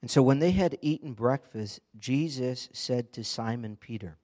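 A man's voice: medium pitch, moderate pace, dark tone. A man preaching an earnest, conversational sermon, often asking the congregation direct questions. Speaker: pastor.

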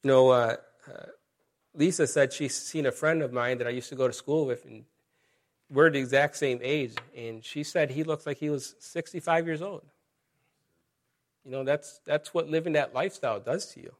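A man's voice: medium pitch, moderate pace. A middle-aged male pastor preaching a sermon in a conversational way, with asides and scripture reading.

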